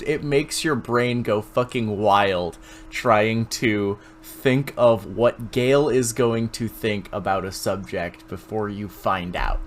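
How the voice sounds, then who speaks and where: A man streaming, chatting casually and crudely as he reacts to a video. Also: mid-range voice. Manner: slow, drawling, crude.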